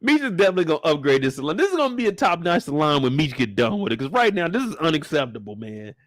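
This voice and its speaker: In a dry recording, a young man with a slightly high voice talks fast through a comedic recap of a show. He cracks jokes, curses a lot, and animatedly performs the characters.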